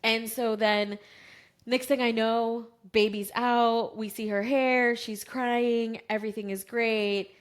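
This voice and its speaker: A woman in her thirties takes her time, her voice a little high. As a podcast co-host chatting casually, she tells a personal story with energy, acting out the things people said.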